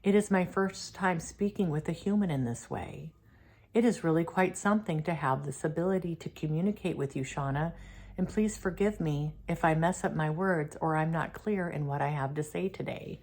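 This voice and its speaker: Brief: gentle, formal reptilian alien man, channeled by a woman, low and soft-spoken. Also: normal speed. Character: polite soft-spoken humble male reptilian being.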